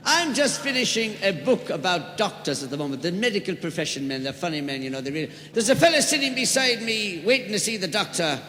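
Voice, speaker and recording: A jovial man doing live stand-up comedy, his voice a touch higher than most men's. He leans into each punchline. The sound rings through a large hall with a long reverb and faint noise behind. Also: sing-song, quick pace, few pauses, bright, forceful tone.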